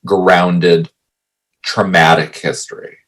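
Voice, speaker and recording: A podcast co-host earnestly shares his opinions about a film in casual talk, sounding opinionated and restarting mid-thought. His voice is low and fairly bright, with little pitch movement, and he takes it slowly.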